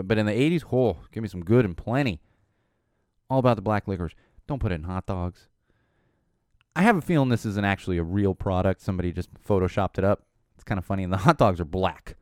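A middle-aged man hosting a podcast, rambling casually with lots of fillers, his voice a little hoarse and tired. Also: mid-range voice, no echo, studio quality. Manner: rambling, animated, frequent "uh" fillers. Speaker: podcast host. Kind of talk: casual solo chat.

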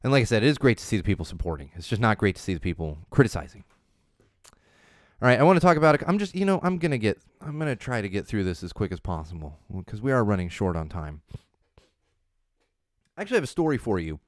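A man's voice: on the low side, very animated, quick pace, dry recording, clean studio sound. A man in his thirties hosting a casual show, chatty and prone to restarts, growing emphatic when he makes a point. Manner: chatty with many restarts and laughs, grows emphatic. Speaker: podcast host. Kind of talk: casual chat.

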